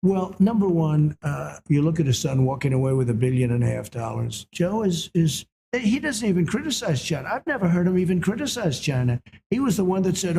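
An older man answers interview questions in a rough, gravelly voice with a dark, mellow tone. He talks boastfully, circling back to the same emphatic claims. His voice sits somewhat high for a man. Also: big pitch swings, fairly quick, a little hiss or hum.

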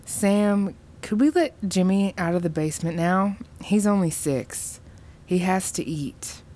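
A woman's voice: extremely low pitch, fairly even intonation, unhurried, darkish tone. A woman voicing a timid, frightened older mother who stutters and pleads with a shaking voice. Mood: fearful pleading.

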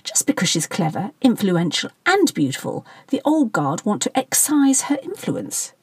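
A woman reading the part of a practical, sharp-tongued middle-aged wife with a brisk manner. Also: medium pitch, huge pitch swings, breathy edge, no room sound, heavily acted.

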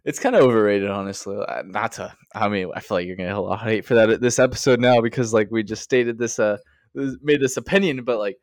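A man's voice: lowish voice, quick pace, dry recording. Chill young guy cohosting a podcast, swears, laughs lots, dry mic sound. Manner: laid-back, swearing, laughs a lot. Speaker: podcast co-host. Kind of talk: casual podcast chat.

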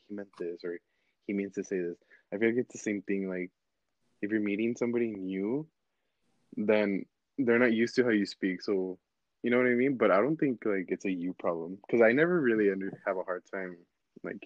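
A young man with a somewhat low voice rambles as a podcast guest, full of "like"s and restarts. The recording is dry with no room sound. It is also a little dull and lo-fi. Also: no echo. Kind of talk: casual chat.

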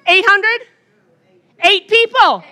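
A middle-aged woman talks to a gathered audience in a loose, joking way, trading banter with them as she goes. Her voice sits high and sounds bright and forward. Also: slow. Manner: chatty and joking, bantering with the crowd. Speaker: retreat speaker. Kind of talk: conversational opening talk to an audience.

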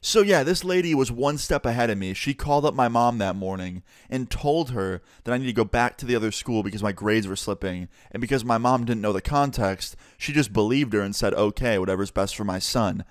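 A man's voice: medium pitch, brisk, hardly any pauses, dry recording, studio quality. A young man casually telling a storytime about his school days, acting out the dialogue as he goes. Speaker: YouTuber. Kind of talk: storytime narration.

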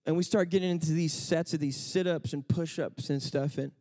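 A man in his thirties preaching a sermon, telling a family story and building to impassioned, shouted exhortation. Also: on the high side, fairly even intonation, a little fast.

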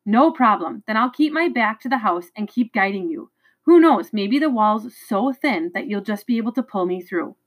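A woman's voice: mid-range voice, lively intonation, moderate pace, highs cut off, natural voice. A woman voicing a determined ten-year-old boy in a storybook reading, speaking earnestly.

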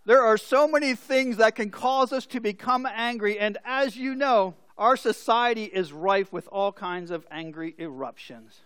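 A man with a high voice preaches a sermon, moving between scripture and lively stories whose people he acts out. The sound is dry and close. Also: a little slow, few pauses, smooth, dry recording. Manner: storytelling with acted-out voices. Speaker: pastor.

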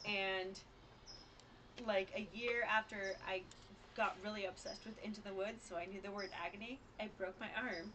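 A woman's voice: medium pitch, fairly even intonation, moderate pace, fairly bright tone, a little hiss or hum. A woman co-hosting a casual chat, telling stories theatrically and acting out her own lines. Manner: theatrical, acts out dramatic quotes. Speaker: podcast co-host.

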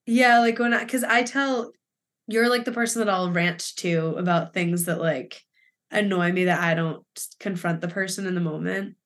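A young woman co-hosting a podcast, telling a story in casual chat with an animated, laughing, swearing delivery. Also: fairly low pitch, normal speed. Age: young adult. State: emotional. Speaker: podcast co-host.

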